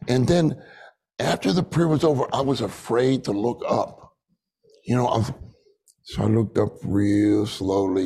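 An older man with a mid-range, darkish, breathy voice shares a testimony at church in a rough recording. His sermon is conversational: he tells stories, acts out what people said, and laughs now and then.

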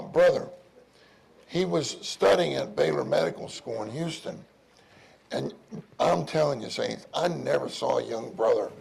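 A man giving an informal, earnest sermon at a meeting, crying out loudly when he calls on the Lord. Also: medium pitch, creaky, slightly rough. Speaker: preacher at a church meeting.

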